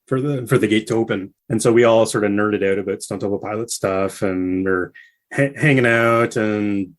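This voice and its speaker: A man guest on a casual podcast, telling a story with animated bursts when he quotes people. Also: moderate pace. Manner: animated storyteller, acts out quotes with rising pitch.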